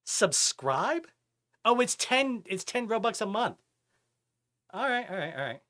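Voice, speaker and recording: Animated man chatting on a live stream. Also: high-pitched, a little slow. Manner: animated, chatty, reads chat aloud. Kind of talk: casual live-stream chat while gaming.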